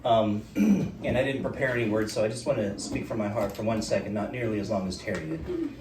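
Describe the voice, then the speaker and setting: A man's voice: on the low side, brisk, background noise. A man giving an unprepared speech at a friend's wedding, hesitant and full of fillers, with wry humor. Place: wedding ceremony. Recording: roomy, distant, clear background ambience.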